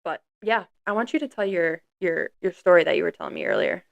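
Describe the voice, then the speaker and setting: Young woman podcast cohost, kinda gravelly lowish voice, laid back chatter. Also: expressive, fast talker. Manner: frequent short agreeing replies, laughs easily. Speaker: podcast co-host. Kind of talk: casual podcast chat.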